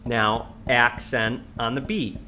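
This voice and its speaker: A man teaching a drum lesson, patiently counting sixteenth notes aloud and stressing slow, accurate practice. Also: music in the background. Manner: patient, repeats counts in a low steady voice. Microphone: studio mic on a stand near the kit.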